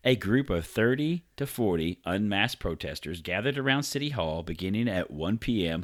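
Male podcast co-host, very deep voice, reads the news with crude jokey commentary. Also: expressive, moderate pace, hardly any pauses. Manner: reads stories aloud with jokey asides, stumbles on names and swears. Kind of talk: casual podcast banter.

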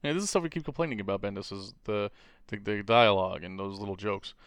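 A man chatting casually about comics, animated and quick to mimic characters in silly voices. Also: lowish voice, clear, resonant tone, no echo. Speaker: comic book podcast co-host. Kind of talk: casual chat.

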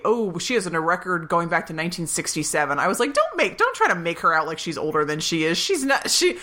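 A woman co-hosting a podcast, recapping a film in animated casual chat and acting out quick quotes. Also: fairly low pitch. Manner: animated retelling with quick acted-out quotes, laughs often. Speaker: podcast co-host.

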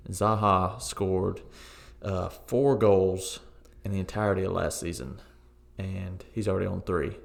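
A man with a deep, gravelly voice chats casually about football results. He is opinionated but relaxed, often pausing on "uh" and "um" as he thinks. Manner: relaxed, opinionated, frequent fillers. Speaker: co-host of a football podcast. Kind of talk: casual sports chat.

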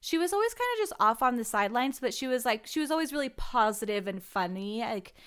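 A young woman co-hosting a casual podcast, her voice sitting a little high. She talks bluntly with an exasperated edge and swears freely. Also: very animated, fast, fairly bright tone, clear, resonant tone. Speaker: podcast co-host. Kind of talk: casual chat.

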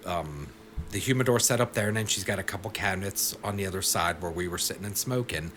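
Man, podcast co-host, lowish voice, wry and dry-humored, faint background noise. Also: fast talker, fairly bright tone. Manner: wry, joking asides. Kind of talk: casual podcast chat.

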